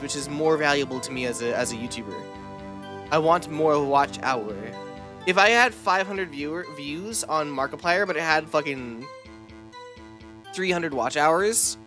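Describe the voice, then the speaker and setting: A woman streaming a game who chats casually with her viewers, rambling and swearing offhandedly. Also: deep voice. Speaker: VTuber streamer.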